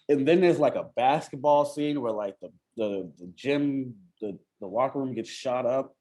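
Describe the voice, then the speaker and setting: Casual slangy man, mid-pitched, easygoing podcast guest. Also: moderate pace, hardly any pauses, dark tone. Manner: laid-back, slangy, laughs often. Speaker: rapper guest. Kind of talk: casual chat.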